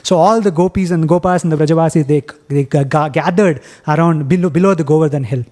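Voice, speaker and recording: A man giving a devotional class, retelling a scriptural story with many pauses and fillers. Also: fairly high pitch, mellow. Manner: halting, many fillers and restarts. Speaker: temple class speaker.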